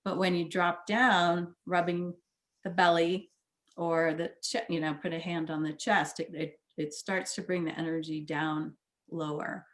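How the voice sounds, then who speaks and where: Gentle soothing woman therapist. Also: on the low side, little pitch movement, unhurried. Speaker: therapist guest. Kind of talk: casual conversation.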